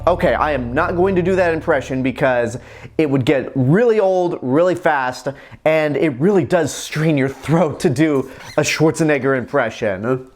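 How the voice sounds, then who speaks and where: A man's voice: fairly high pitch, normal speed, faint music behind. Enthusiastic male movie reviewer. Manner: enthusiastic, chatty. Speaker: movie reviewer, channel host. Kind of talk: casual spoken film review.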